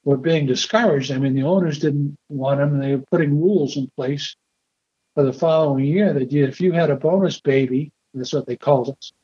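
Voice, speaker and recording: Older man, fairly high voice, halting storyteller, dull lo-fi recording. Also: mellow, husky. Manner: rambling, halting, repeats words. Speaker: interviewee. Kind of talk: storytelling interview.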